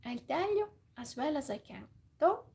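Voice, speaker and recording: Lady whispering a chatty crow, raised high and a bit pushy, earnest and fussy, whispered role-play. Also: big pitch swings, moderate pace, gravelly, a little mellow, heavily acted. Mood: eager. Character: kindly talkative crow, male, earnest.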